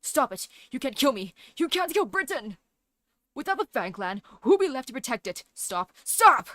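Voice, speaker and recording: A woman's voice: high-pitched, sing-song, moderate pace, dry recording. Woman voicing a proud wolf-clan grand duke. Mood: desperate. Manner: indignant, commanding. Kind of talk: reading game dialogue aloud.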